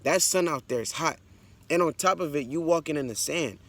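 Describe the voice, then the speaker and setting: A man's voice: a little high, fairly quick, fairly bright tone. A man teaching the Bible in a blunt, conversational preaching style. He reads scripture aloud, then explains it, and keeps checking in with "all right" and "man.".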